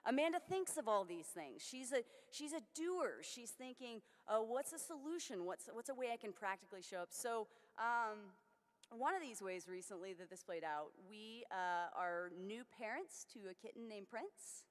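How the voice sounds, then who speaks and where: Female keynote speaker, earnest and personal, a bit high-pitched, miked in a big reverberant conference hall. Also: animated, normal speed. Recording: long reverb of a large hall.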